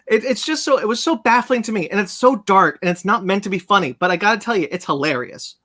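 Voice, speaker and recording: A man's voice: sits high, lively intonation, normal speed, pushed and bright. A man hosting a casual podcast chat, ranting animatedly and swearing as he recaps a film. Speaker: podcast host.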